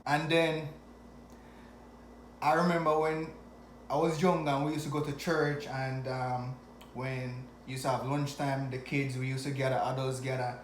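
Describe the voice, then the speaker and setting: A man from Jamaica with a Jamaican accent, telling a personal story to camera in an animated way, often chuckling. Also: mid-range voice, unhurried, a little hiss or hum. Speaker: vlogger. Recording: echoey room.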